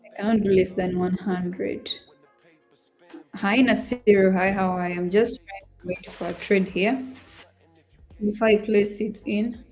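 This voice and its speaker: A woman's voice: medium pitch, fairly even intonation, measured pace, long pauses, a little mellow. A young woman chats casually to her viewers during a live trading stream. She sounds emotional and apologetic, half talking to herself. Faint music plays behind her voice. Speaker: trading livestream host. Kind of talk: casual livestream chat to viewers.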